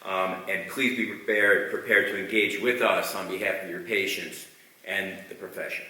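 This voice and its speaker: Speaker at a convention, deep and forceful, miked from a distance in a big reverberant room. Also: male voice, steady tone, moderate pace, background noise. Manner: urging the audience to take action. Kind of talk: formal speech to delegates. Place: large meeting hall. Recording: echoey hall, distant mic.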